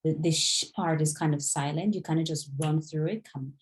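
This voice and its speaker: A woman tutoring online, modelling pronunciation slowly and patiently in a one-on-one lesson. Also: low-pitched, fairly even intonation. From Jamaica.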